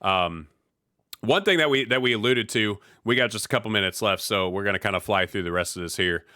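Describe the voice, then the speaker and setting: A man's voice: on the low side, fairly quick, bright, forceful tone, no room sound, clean studio sound. A man from the US Midwest hosting a podcast in casual chat, laid-back with slang and frequent restarts. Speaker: podcast host.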